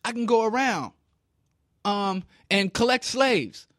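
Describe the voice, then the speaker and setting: A man's voice: high voice, expressive, slow, fairly bright tone, dry recording, studio quality, full character voice. A man putting on an Irish man offering to be an enforcer, in a mocking, offhand way.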